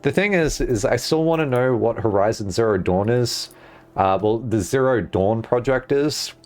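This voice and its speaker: A man's voice: mid-range voice, moderate pace, darkish tone. A man streaming a game, musing aloud in casual chat and swearing freely. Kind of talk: casual livestream chat while gaming.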